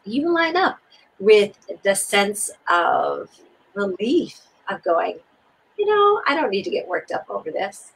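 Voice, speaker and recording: A woman co-hosts a spiritual teaching conversation and guides the listener through steps. She talks in an expressive, soothing, repetitive way. Her voice is slightly husky, and her pitch swings widely. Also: slow pace, low-quality recording. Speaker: co-host.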